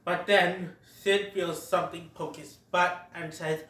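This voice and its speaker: In a roomy space away from the mic, a movie reviewer casually narrates a cartoon film play-by-play, giggling and quoting lines. The mid-range voice holds a steady tone, a little slow and a bit bright.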